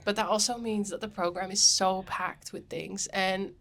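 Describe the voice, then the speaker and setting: A woman's voice: mid-range voice, steady tone, moderate pace, few pauses, a bit bright. A woman hosting her podcast in a chatty, rambling monologue while she has a cold, recorded on board a cruise ship. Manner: chatty and rambling, many ums. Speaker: podcast host.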